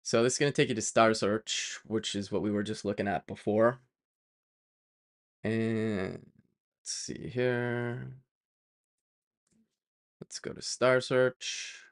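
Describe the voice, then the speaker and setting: A man's voice: lowish voice, steady tone, takes it slowly, long pauses. A man talking casually while he codes on a live stream, rambling with lots of fillers and self-corrections and wandering off on playful side tangents. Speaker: developer live-streaming his work.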